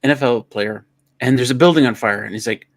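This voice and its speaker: A man hosting a casual livestream, an animated joke-teller. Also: medium pitch, brisk, no room sound. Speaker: livestream host. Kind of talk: casual chat.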